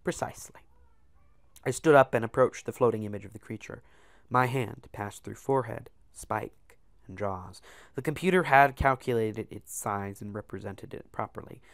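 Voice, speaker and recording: A man reading a science fiction novel aloud as a storyteller, with measured, dramatic emphasis. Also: fairly low pitch, no room sound, clean studio sound.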